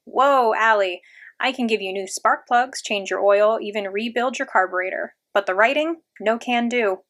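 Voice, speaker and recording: A woman's voice: on the high side, normal speed, lightly acted. A woman voicing a laid-back teenage boy, a big brother who fixes cars, easygoing and joking in a storybook reading. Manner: easygoing, joking, mildly animated.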